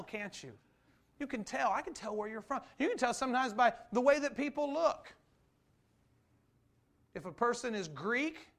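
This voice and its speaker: A man preaching a conversational sermon, full of rhetorical questions, swinging between loud emphasis and slow, quiet stresses. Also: high-pitched. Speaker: pastor.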